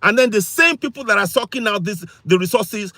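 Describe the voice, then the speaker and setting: A man's voice: high voice, lively intonation, fairly quick, sharp tone, no echo. A man hosting a livestream, who argues insistently and repeats his points while he answers chat comments. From Africa. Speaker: livestream host. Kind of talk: impassioned political livestream talk.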